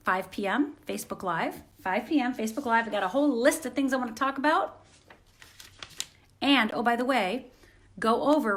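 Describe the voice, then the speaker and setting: A woman's voice: fairly high pitch, fairly bright tone. A woman hosting a motivational live stream from home on her phone. She talks in an earnest, encouraging way and often repeats phrases.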